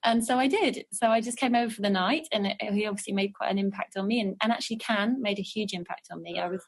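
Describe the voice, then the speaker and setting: A woman's voice: mid-range voice, quick pace, husky. A woman singer chatting as an interview guest, talking in a rambling way with many fillers and restarts. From England. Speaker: jazz and soul singer, guest. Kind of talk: casual interview chat. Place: living on the French Riviera.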